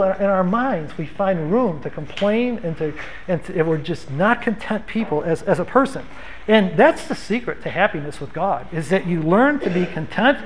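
A man's voice: sits high, a little hiss or hum, rough recording. A man preaching a sermon as pastor, in an earnest, conversational way with rhetorical questions.

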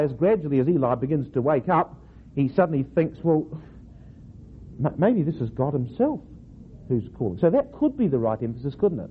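A man teaching a class on how to read a scripture verse, reading it aloud slowly with different stresses and then questioning his listeners. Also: fairly high pitch. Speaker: Bible teacher. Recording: tinny phone-like recording with faint noise.

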